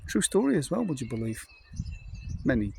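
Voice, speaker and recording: A vlogger from North Wales in his fifties delivers a casual anecdotal monologue, rambling and chatty with plenty of ums, fillers and asides. His middle-pitched voice is very animated and a little mellow, at a normal speed. Noticeable noise and birdsong sit behind him.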